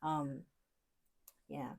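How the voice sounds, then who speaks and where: A woman's voice: sits low, flat delivery, very slow. Woman, student podcast co-host, casual academic chat, hesitant and filler-heavy.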